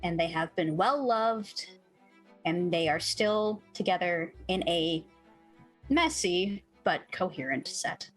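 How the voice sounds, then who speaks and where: A woman's voice: fairly low pitch, animated, slow pace, soft background music, rough recording. A woman playing a tabletop game, describing a scene thoughtfully. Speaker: player.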